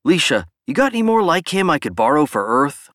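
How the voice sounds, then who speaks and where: A man's voice: on the high side, sing-song, brisk, a bit bright, no room sound, clean studio sound, voice pushed up. A man doing a curious eager explorer. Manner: eager, questioning.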